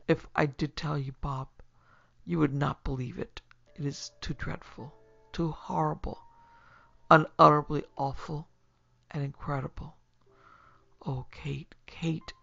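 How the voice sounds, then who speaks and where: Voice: mid-range voice, fairly even intonation, measured pace, vocal fry, pauses often, bright, forceful tone, no echo, highs cut off, faint music behind, exaggerated voice. A narrator voicing an anguished young man who gasps and groans, dropping into whispers. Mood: tormented. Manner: gasping, groaning, breaking into whispers.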